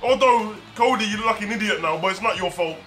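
High, bright-voiced man reacting. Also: racing, soft background music. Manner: exclamatory, fan-like, shouts in delight. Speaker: wrestling reaction host. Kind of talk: excited reaction commentary.

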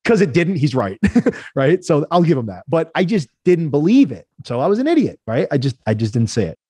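Brief: fast-talking male entrepreneur, husky, animated storyteller in a dry recording. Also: on the high side, no echo. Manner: animated, laughing storyteller who acts out quotes. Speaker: guest entrepreneur. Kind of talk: casual interview storytelling.

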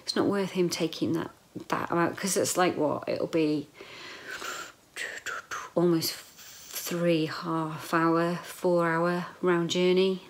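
Gravelly low-voiced woman vlogging. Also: fairly even intonation, slow. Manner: emotional, rambling, drifts into whispers. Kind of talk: casual personal video diary.

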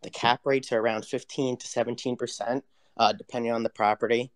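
A man's voice: mid-range voice, fairly even intonation, brisk. A man in his twenties speaking as a panel guest in a casual online audio chat, loose and hesitant with many fillers. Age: 20s.

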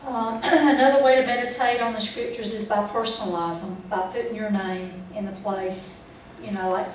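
A woman's voice: medium pitch, fairly even intonation, moderate pace, slight background noise. Woman teaching a Bible class. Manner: folksy, asks the group questions. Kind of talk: church training talk. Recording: echoey room from far off.

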